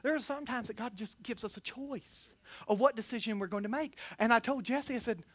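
A man's voice: very high voice, a little fast, no echo. A man preaching a sermon as a pastor, telling personal stories in a folksy, joking way and acting out the people in them. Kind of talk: conversational sermon storytelling.

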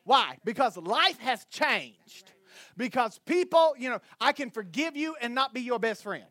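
A male pastor preaching a sermon loudly, with slow, stressed phrases. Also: very high voice, very animated, no echo.

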